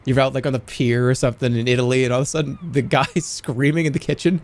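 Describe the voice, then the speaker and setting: A man streaming games live, chatting excitedly, swearing and yelping in bursts. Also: medium pitch, quick pace. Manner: excitable, yelps and swears, breaks into laughter. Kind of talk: casual live-stream chatter while gaming.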